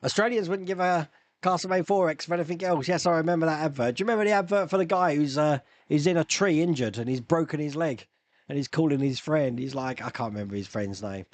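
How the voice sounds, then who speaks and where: A man hosting a casual live stream, chatting loosely and answering viewers' questions with rambling asides and quick laughs. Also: a little high, no room sound. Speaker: YouTube live stream host.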